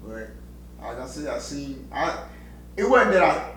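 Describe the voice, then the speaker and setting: A man's voice: mid-range voice, sing-song. Middle-aged man sharing his testimony, stumbling and repeating, recorded far off in a very roomy space. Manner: halting, repeats words, heartfelt. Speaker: interviewee giving testimony. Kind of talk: personal testimony interview. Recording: echoey room, distant mic, faint noise.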